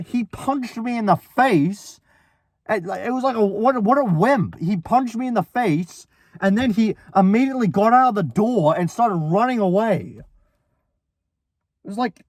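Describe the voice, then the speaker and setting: A man's voice: high voice, darkish tone, dry recording. Young man rambling through a storytime. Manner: rambling, full of restarts, quoting both sides of a quarrel. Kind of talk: casual storytime vlog.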